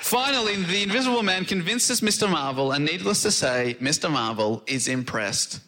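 A man's voice: high-pitched, expressive, normal speed, bright, forceful tone, a little hiss or hum, poor audio. A man hosting a live comedy podcast, enthusiastically summarising a classic novel with jokey praise for his guests. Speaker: host.

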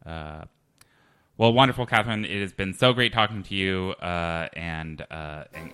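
A man hosting a comedy podcast, interviewing a guest in a halting, awkward way with many restarts. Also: low-pitched, over music. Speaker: podcast host.

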